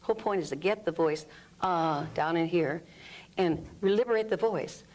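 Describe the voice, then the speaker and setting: A woman's voice: fairly low pitch, moderate pace, a little mellow, slight background noise. A woman explaining an energy healing technique in an interview, demonstrating groans, sighs and vocal sounds as she talks. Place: room under studio lights.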